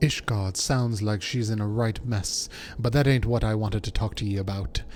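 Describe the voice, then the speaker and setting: A man reading the part of a gruff, blunt mercenary officer in a game, speaking the written dialect plainly. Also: fairly low pitch, steady tone, moderate pace, a little mellow, slight background noise, lightly acted. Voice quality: rough working-class dialect as written. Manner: plain read-aloud delivery.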